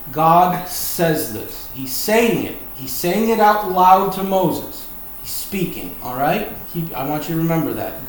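A man's voice: fairly high pitch, far from the mic, slight background noise. A man with a Virginia accent preaching a Bible lesson, emphatic and folksy, repeating his key points. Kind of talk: Bible teaching sermon. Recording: very echoey room.

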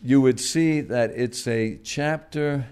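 A man preaching a sermon in a gentle, halting way, pausing often and swelling loud on key words before dropping soft again. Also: mid-range voice, smooth. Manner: gentle, halting, with frequent "uh" and restarts.

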